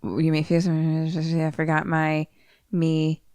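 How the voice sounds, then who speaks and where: A woman co-hosting a podcast, chatting casually with quick reactions and casual swearing. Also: low-pitched, monotone, a little mellow, dry recording. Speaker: podcast co-host. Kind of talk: casual chat.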